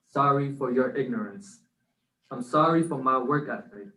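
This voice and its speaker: Off-mic in an echoey room, a male co-host who writes spoken word performs one of his poems with earnest rhythm. His medium-pitched voice sounds pushed and bright on the distant mic.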